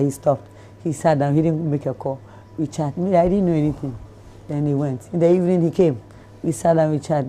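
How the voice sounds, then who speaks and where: Low, mellow-voiced Ghanaian woman telling a story. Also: slight background noise. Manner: animated storyteller who acts out voices, laughing. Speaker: celebrity guest. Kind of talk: storytelling interview.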